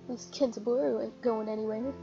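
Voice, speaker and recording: Loro sureño tranquilo imitado por una mujer. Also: female voice, on the high side, fairly even intonation, fast talker, vocal fry. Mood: easygoing. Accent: put-on American Southern. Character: laid-back male parrot cafe owner with a drawl. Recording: muffled with game music behind.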